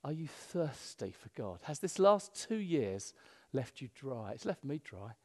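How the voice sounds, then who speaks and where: A male pastor preaching a sermon in a church, animated, swinging between loud emphasis and hushed asides. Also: mid-range voice, a little slow. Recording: long hall reverb.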